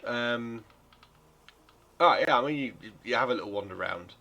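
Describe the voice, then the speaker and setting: A man's voice: mid-range voice, lively intonation, fairly quick, creaky, bright, forceful tone. A man running a tabletop game as game master, narrating in a rambling way and correcting himself as he goes.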